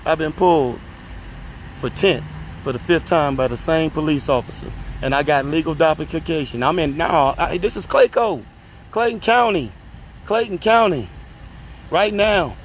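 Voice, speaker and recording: An agitated, tearful man, recording himself on a phone outdoors. He repeats himself, swears and rises to shouting. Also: fairly high pitch, moderate pace, slight background noise. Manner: distressed, repetitive, profane, rising to shouting. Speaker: upset citizen filming himself. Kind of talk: emotional phone video rant. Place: outdoors on a street by a car.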